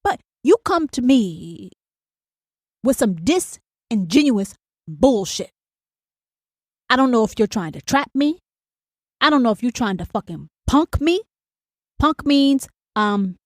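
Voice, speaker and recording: A woman's voice: a little high, lively intonation, takes it slowly, long pauses, no echo, clean studio sound. A woman hosting a solo podcast, talking bluntly and profanely and hammering her points home with "do you understand?". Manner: acts out an inner angel and demon in quoted voices. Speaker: podcast host.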